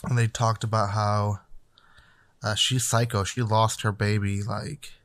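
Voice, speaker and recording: Flat-voiced man recapping a film. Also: lowish voice, measured pace, dry recording. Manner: rambling, loose recap with fillers and profanity. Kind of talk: casual chat.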